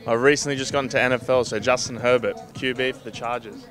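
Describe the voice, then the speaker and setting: A man, a rugby league player, giving modest, low-key answers outdoors. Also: fairly even intonation, quick pace, over music. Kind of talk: casual interview answers.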